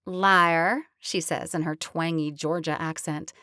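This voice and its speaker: A woman's voice: lowish voice, normal speed, no echo. Lady reading a rom-com audiobook, chatty, dry close mic. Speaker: audiobook narrator. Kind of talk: scripted first-person narration.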